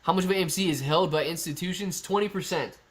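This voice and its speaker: A young man runs a live stream and talks through viewer comments in a loose, chatty way, throwing in "dude" and "man" often. His voice sits a little higher than most men's. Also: fast talker, breathy edge. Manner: chatty, laid-back, says dude and man a lot. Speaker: livestream host reading chat. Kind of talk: casual live stream chat.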